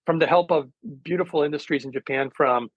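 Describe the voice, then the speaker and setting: Man, interview guest; husky tone, dry close sound; earnest, rambling delivery. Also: on the high side, fairly quick, no echo, dull audio. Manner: earnest, rambling storyteller with many fillers. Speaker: guest, hydrogen therapy specialist. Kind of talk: casual interview chat.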